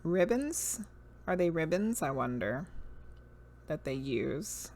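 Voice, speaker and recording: A woman's voice: low voice, very animated, takes it slowly, a little mellow. A woman with a Southern US accent chatting casually on a livestream, musing over cards and talking to viewers. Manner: musing, reads card names aloud, chats with viewers. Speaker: streamer.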